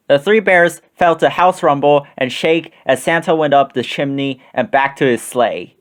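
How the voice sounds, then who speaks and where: A man narrating a children's picture book aloud in a steady, clear storytelling manner. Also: medium pitch, moderate pace, few pauses.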